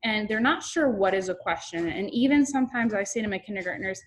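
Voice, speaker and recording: Young woman, kindergarten teacher, online class, expressive teacher voice, medium pitch, computer mic. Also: a little fast, hardly any pauses, a little hiss or hum.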